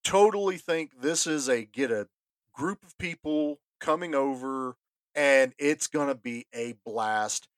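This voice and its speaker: A man's voice: medium pitch, a little slow, dry recording. A man co-hosting a casual movie podcast, eager and stumbling over restarts. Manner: enthusiastic, restarts often. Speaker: podcast co-host. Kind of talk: casual movie review chat.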